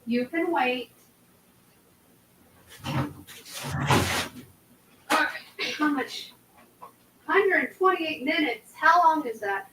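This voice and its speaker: A young woman with a faint Southern US accent talks in an easy, meandering live-stream chat. Her voice sits a little on the high side, and she breaks off into laughter and loses her thread now and then. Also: lively intonation, drawn-out words, pauses often, noisy background. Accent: slight Southern US. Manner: rambling, laughs often, trails off mid-sentence. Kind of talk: casual chat.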